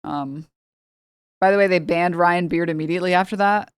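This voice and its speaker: A woman's voice: on the low side, moderate pace, clean tone, no room sound, clean studio sound. A young woman from the United States, a streamer giving heated, sarcastic political commentary and laughing between points.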